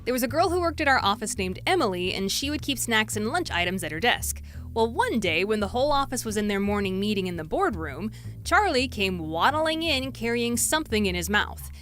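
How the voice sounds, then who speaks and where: A young woman spins a funny story with a bright, ringing voice that leaps around in pitch. She sounds playful and animated, and a soft music bed runs under her. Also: brisk. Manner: playful, voices quoted people with big swings. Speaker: storytelling YouTuber.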